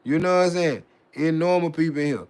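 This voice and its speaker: A man's voice: fairly high pitch, fast talker, darkish tone, clean tone. A man vlogging in a profane, mocking rant to camera, repeating himself and stumbling over words with swagger. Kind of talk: profane ranting monologue to camera.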